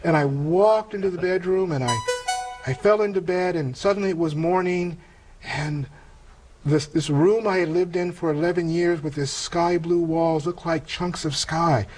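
A man's voice: fairly high pitch, a little mellow, soft background music, rough recording. Earnest man recounting a spiritual testimony. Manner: earnest, halting, emotional retelling with hesitations. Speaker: interview guest. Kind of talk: personal testimony storytelling.

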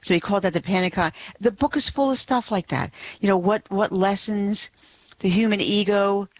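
A woman's voice: mid-range voice, moderate pace, lo-fi sound. Enthusiastic woman guest on a radio show. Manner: warm, enthusiastic explaining, with soft laughs. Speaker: radio guest, blog writer. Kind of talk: radio interview.

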